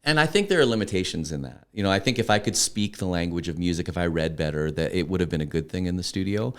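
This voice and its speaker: A man's voice: low-pitched, fast. A man in his fifties telling stories as a podcast guest, chatty and full of restarts and asides. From Canada. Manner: lively anecdotes with frequent restarts and "you know". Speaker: podcast guest, country singer. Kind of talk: casual storytelling interview.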